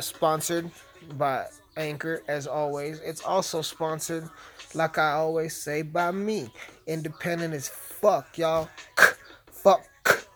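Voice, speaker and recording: A man's voice: on the high side, a bit bright. A man hosting a podcast, chatting casually with constant swearing and crude jokes while playing a video game. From United States. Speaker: podcast host. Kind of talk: profane casual podcast chat while gaming.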